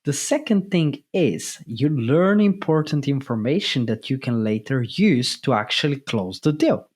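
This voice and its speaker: A man's voice: medium pitch, animated, unhurried, darkish tone, husky. Guy doing a sales pep talk, emphatic, keeps saying okay. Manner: emphatic, repeats key points, asks "okay?". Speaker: sales mentor. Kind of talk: motivational talk to camera.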